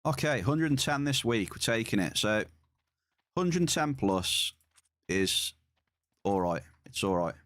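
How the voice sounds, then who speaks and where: A man's voice: medium pitch, lively intonation, measured pace, pauses often, fairly bright tone, dry recording, clean studio sound. A man streaming a game, chatting casually with viewers and often repeating his words as he plays.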